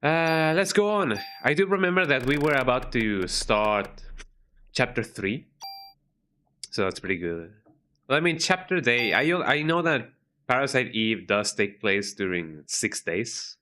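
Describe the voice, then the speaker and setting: A man's voice: mid-range voice, lively intonation, unhurried, bright, forceful tone. Rambling male game streamer. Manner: rambling, many restarts. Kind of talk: casual live-stream commentary. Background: game music.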